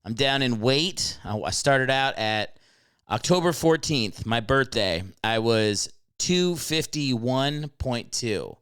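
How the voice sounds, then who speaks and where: A man's voice: mid-range voice, slow, clean tone, no room sound, clean studio sound. Brash, profane man ranting on a podcast. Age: 30s. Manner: brash, profane, excitable comedic rant. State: slightly out of breath from a walk. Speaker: podcast host. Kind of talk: solo podcast chat. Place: home couch with dog.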